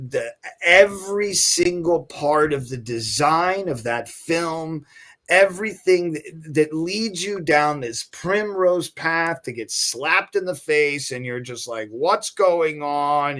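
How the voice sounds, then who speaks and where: Animated storytelling man, slightly high voice. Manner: animated, acts out quoted people, many restarts. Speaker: podcast guest, actor. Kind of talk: casual anecdotal storytelling.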